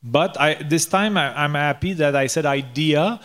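A man whose first language is French, co-hosting a podcast in casual chat and often halting to search for English words. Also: fairly high pitch, a bit bright. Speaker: podcast co-host.

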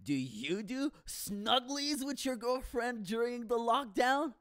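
A man in a profane comic rant, animated and swearing, with bursts of shouting. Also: very high voice, slow, no room sound, clean studio sound.

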